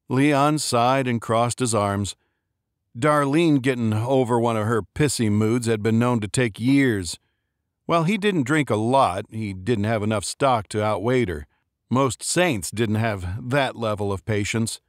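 A low-voiced man narrating a short story in a steady, measured read. The recording is dry and close, with no room sound. He keeps an even storytelling pace. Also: no echo. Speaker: audiobook narrator. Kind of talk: scripted narration.

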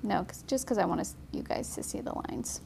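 Chatty woman teaching watercolor, gravelly voice. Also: mid-range voice, sing-song, brisk, a little mellow, a little hiss or hum. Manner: chatty, encouraging, laughs often. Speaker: watercolor instructor. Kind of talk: casual painting tutorial.

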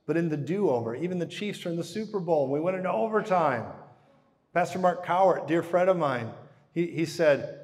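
A man preaching a live sermon who tells the story with animation, swinging from hushed to booming. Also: animated, normal speed. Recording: reverberant hall.

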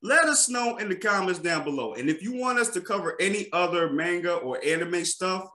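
A man hosting a podcast in casual chat, loud, hyped and slangy, often laughing. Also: high-pitched, animated, fairly quick, reverberant. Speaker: podcast host.

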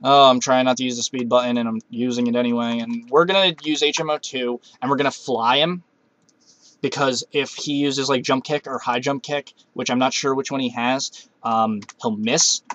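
A man's voice: medium pitch, fairly even intonation, normal speed, a bit bright, muffled recording. A man giving casual commentary while playing a video game, talking to himself and cursing at setbacks. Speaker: Let's Play gamer.

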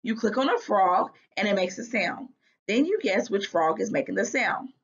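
A woman voicing an excitable young boy obsessed with frogs in a storybook read-aloud, talking eagerly. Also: medium pitch, normal speed, muffled recording, lightly acted.

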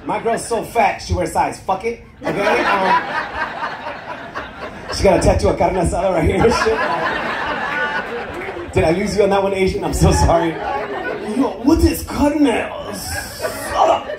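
Brash high-voiced comedian doing crowd work. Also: male voice, normal speed, long pauses, heavy background noise. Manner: brash, profane, teasing the audience, laughing often. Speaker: stand-up comedian. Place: cruise ship comedy club. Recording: echoey room, loud crowd laughter. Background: audience laughter.

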